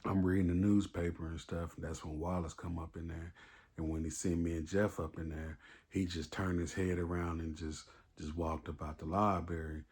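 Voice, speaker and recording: A man with a very low, deep voice tells a casual storytime monologue. He rambles loosely, with lots of fillers and swearing. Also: level tone, normal speed, a little mellow, husky.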